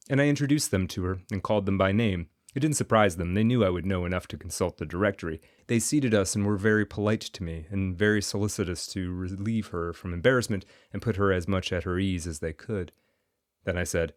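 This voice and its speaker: A man narrating a classic story in a lively, expressive reading. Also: low voice, brisk, dry recording, clean studio sound. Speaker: audiobook narrator.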